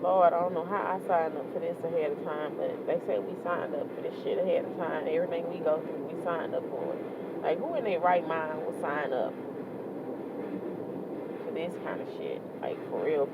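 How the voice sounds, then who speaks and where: A woman's voice: deep voice, moderate pace, narrow, tinny audio. Tearful woman vlogger, emotional venting, heavy background noise. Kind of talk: casual vlog monologue.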